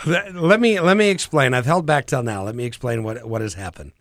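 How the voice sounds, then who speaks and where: A man's voice: medium pitch, brisk, no echo, studio quality. A man hosting an interview, asking questions in a folksy, playfully teasing way. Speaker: interview host. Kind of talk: talk show interview.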